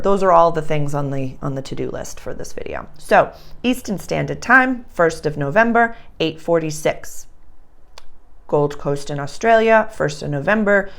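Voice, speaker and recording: A woman's voice: low voice, gravelly. A woman with a Boston accent talking in a chatty, rambling way, as an astrologer in a casual vlog. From Boston area, United States. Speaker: astrologer and channeler.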